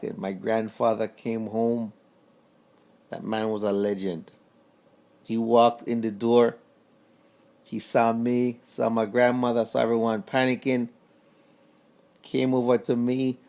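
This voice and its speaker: A man telling a personal story about his grandfather straight to camera, in a casual, halting way that repeats words. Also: mid-range voice, little pitch movement, gravelly, darkish tone. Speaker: vlogger.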